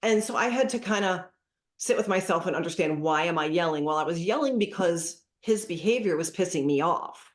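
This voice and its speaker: A middle-aged woman speaking as a parenting specialist guest, with a slightly low voice. She tells stories in a lively way and acts out the dialogues. The room around her has a noticeable echo. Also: fairly quick. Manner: animated storytelling, acting out dialogues. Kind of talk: casual interview chat. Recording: echoey room.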